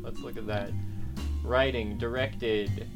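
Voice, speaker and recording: A man's voice: on the low side, fairly even intonation, takes it slowly, music in the background. A man chatting casually about movies, rambling with many filler words. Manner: rambling, heavy use of "like" fillers. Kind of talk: casual chat.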